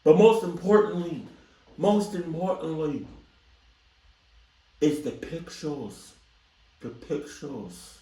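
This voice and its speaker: A man voicing a sleazy fake-French male photographer with a mock French accent and wheedling, drawn-out sweet talk. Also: on the high side, mellow, roomy sound, distant mic, pitched above the performer's own voice.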